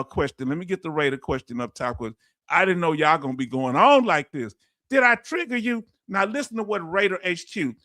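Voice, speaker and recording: A middle-aged man with a Houston, Texas accent and a high-sitting voice hosts a casual live stream, reading viewer comments aloud in a folksy, animated way and laughing often. The recording is dry and studio quality.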